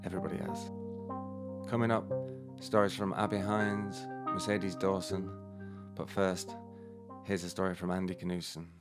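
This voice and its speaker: A man's voice: sits low, level tone, moderate pace, pauses often. A man hosting a story podcast, giving an upbeat, welcoming scripted introduction. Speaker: podcast host. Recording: loud music bed under voice.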